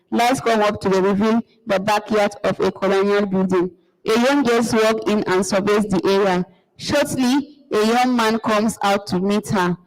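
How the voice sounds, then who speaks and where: A woman reading the stage directions of a play aloud at a steady pace. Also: medium pitch. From Nigeria. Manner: steady, with occasional restarts. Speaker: marathon reader. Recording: long hall reverb.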